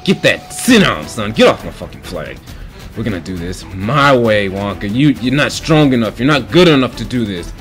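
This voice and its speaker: A man voicing his own cocky, bullying alter ego, taunting in a low growl over gameplay. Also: big pitch swings, normal speed, fairly bright tone, faint music behind. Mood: gloating. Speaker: video game commentator.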